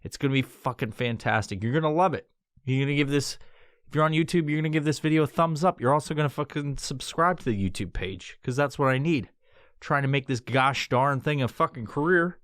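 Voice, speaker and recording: A man's voice: medium pitch, brisk, fairly bright tone, no echo. Man from New York, solo podcast host, exaggerated tough-guy delivery, constant swearing, close dry studio sound.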